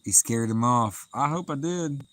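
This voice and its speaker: A man's voice: mid-range voice, unhurried, no echo, low-quality recording. A man with a Southern US accent, chatting casually and laughing as he hosts a live fishing stream outdoors at night. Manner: relaxed, chatty, laughs often, easygoing drawl. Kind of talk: casual live-stream chat reading out viewer comments.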